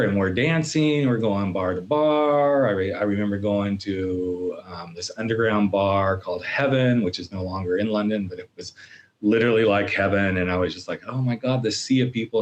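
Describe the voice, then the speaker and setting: A middle-aged man with a lowish voice guests on a podcast, animatedly recounting something personal and performing his own inner voices.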